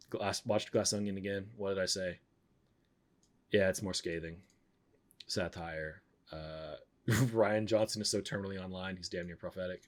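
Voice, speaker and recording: A man streaming and chatting casually, rambling and blunt, often cutting himself off mid-sentence. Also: low voice. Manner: blunt, rambling, self-interrupting. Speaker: streamer reviewing films. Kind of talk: casual chat.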